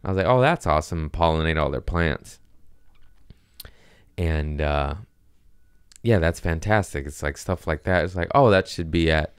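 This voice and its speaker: A man's voice: sits low, clear, resonant tone, no room sound, studio quality. A man hosting a comedy podcast, rambling casually with profanity and jokes.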